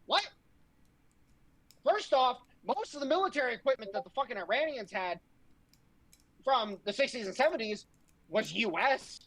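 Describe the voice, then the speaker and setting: A woman's voice: fairly high pitch, lively intonation, moderate pace, pauses often, low-quality recording. A woman, a podcast co-host, ranting in heated, profane political talk full of sarcasm.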